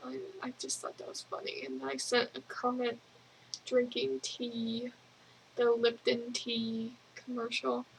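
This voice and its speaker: Slow-talking high-voiced young woman vlogger. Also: monotone, creaky, slight background noise, rough recording. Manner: rambling, giggly, lots of fillers. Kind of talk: casual video journal.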